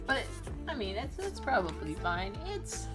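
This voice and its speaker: A young woman streamer chatting casually, telling a story with lots of swearing and laughter and acting out both sides of old arguments in squeaky voices. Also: sing-song, unhurried, music in the background. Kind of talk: casual rambling stream chat.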